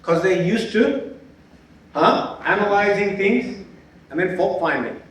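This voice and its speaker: A man, a spiritual teacher, gives a lively lecture full of anecdotes. He laughs often and checks in with his listeners by asking "yeah?". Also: high voice, unhurried. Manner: animated, laughs often, ends points with a questioning "yeah?". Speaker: spiritual teacher giving a talk. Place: lecture hall at a festival symposium. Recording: very echoey hall, speaker far from the mic.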